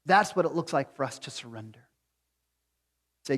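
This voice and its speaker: A man preaching a sermon as pastor, moving between quiet reflection and loud, pleading appeals. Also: medium pitch, expressive, moderate pace, pauses often, big-room sound. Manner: swings from hushed to near-shouting pleading. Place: church sanctuary.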